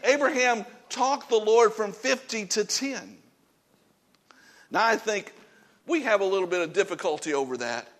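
A pastor preaching a sermon in a conversational way, with self-deprecating asides, swinging between loud emphasis and soft, low passages. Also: male voice.

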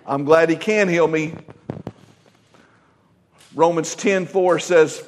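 A man preaching a Pentecostal sermon, emphatic, swinging from loud exclamations to quiet asides. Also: fairly high pitch, takes it slowly, long pauses, big-room sound. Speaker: pastor.

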